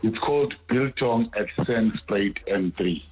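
A man's voice: lowish voice, a little slow, a little mellow, poor audio. A man calling in to a radio show, helpfully giving directions and food tips. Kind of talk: casual chat.

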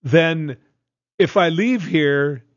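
A man in casual radio banter with a somewhat high voice, rambling through his story with restarts. The sound is dry and close, slightly muffled, with faint music underneath. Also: very slow, no room sound. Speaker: radio co-host.

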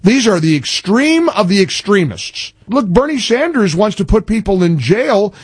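A man hosting political talk radio, emphatic and animated, often restarting his sentences. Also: sits high, normal speed, breathy edge, dry recording, clean studio sound.

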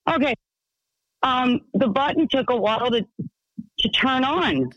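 A man voicing a rambling, excitable woman calling in to a radio show. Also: very high-pitched, takes it slowly, no echo, highs cut off, exaggerated voice. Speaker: caller.

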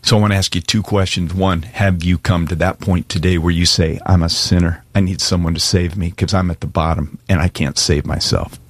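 Deep husky-voiced pastor preaching. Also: male voice, steady tone, a little fast, hardly any pauses, dry recording. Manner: earnest, pleading, varies pace for emphasis. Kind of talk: sermon with altar call.

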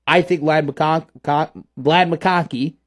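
A man hosting a casual sports talk show, with a slightly higher voice than most men. He rambles and jokes, and gets animated when he argues a point. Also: takes it slowly.

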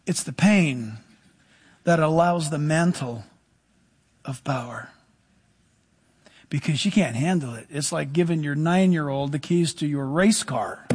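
A middle-aged male pastor preaches animatedly in a husky voice, now and then dropping suddenly into soft, low asides.

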